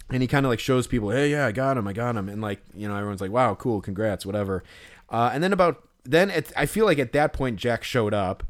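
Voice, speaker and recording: A man co-hosting a podcast, telling a story in casual chat, rambling with many fillers and restarts. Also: on the low side. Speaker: podcast co-host.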